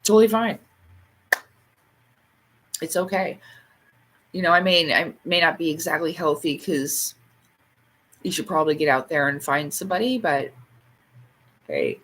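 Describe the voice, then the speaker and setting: A woman's voice: unhurried, pauses often, breathy edge. A woman chatting casually on a livestream, rambling from one thing to the next, laughing often and swearing now and then, and reading out viewer comments. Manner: reads out and answers viewer comments; acts out quoted lines in sharp, much higher bursts. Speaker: livestream host.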